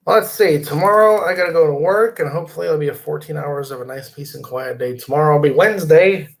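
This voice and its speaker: Gravelly middle-aged man hosting a live stream. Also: on the high side, fast talker. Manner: rambling, reads viewer comments aloud and invites callers in. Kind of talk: casual live-stream chat. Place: home computer desk.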